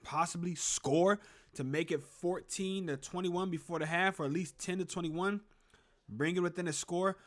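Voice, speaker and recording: A man's voice: high voice, fairly even intonation, normal speed. A young man hosting a casual sports show at home, rambling about a football game and greeting viewers in the chat. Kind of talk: casual live game reaction stream. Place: at home in a room with a closet.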